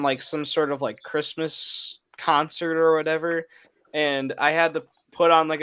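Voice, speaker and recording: A man's voice: fairly high pitch, fairly bright tone, clean tone. A young man chatting casually while watching a movie with friends, rambling with many fillers and laughing often. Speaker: co-host of a movie watch-along. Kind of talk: casual chat.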